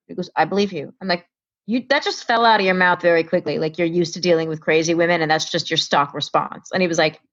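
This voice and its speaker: A woman's voice: on the low side, fairly bright tone, highs cut off. A woman from Connecticut, a comedian guest, telling a story in casual talk and acting out the voices of the people in it.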